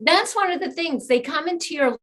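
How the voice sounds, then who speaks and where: A woman's voice: sits high, animated, brisk, fairly bright tone. A woman guest on a podcast, telling personal stories with many fillers and bursts of laughter. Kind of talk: storytelling in interview.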